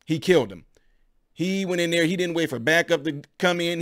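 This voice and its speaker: A man's voice: a little high, fairly quick. A man hosting his own channel, giving heated, rambling opinion commentary to his viewers. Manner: animated, rambling, addresses viewers as y'all.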